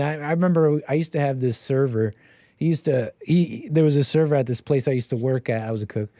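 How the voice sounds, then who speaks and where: A man hosting a livestream call-in show, rambling and joking, getting loud and high when he hams up a story. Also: fairly quick, no room sound, clean studio sound. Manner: jokey, rambling, swings loud and high for emphasis. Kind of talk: casual livestream talk.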